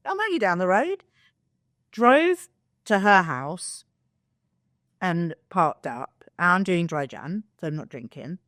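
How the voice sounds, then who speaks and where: A woman's voice: lowish voice, measured pace, pauses often, no echo, clean studio sound. A young woman co-hosting a podcast, telling a story in casual chat, acting out quotes and swearing freely. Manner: animated, swears, acts out quotes. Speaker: podcast co-host.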